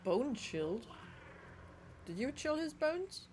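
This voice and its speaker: A young woman chatting casually while she plays a game on stream, playful and quick to exclaim. Her voice sits a bit high and swings widely in pitch. She talks at a slow, drawn-out pace. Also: sing-song, noisy background. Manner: playful, exclaiming, reading dialogue choices aloud. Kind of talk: casual gaming chat.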